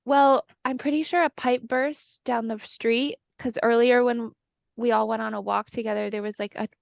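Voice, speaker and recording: A young woman in her twenties chats and giggles her way through a casual podcast conversation, her voice sitting a bit high with a gravelly fry underneath. The sound is close and dry, with no room around it. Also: fairly even intonation, moderate pace, dry recording. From California. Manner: chatty and giggly, fond of filler words. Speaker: podcast co-host. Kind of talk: casual chat. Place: parents' house, video call.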